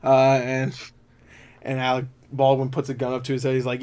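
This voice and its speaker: A young man hosting a casual movie review chat, laughing often, swearing and acting out scenes in quick quoted voices. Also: medium pitch, flat delivery.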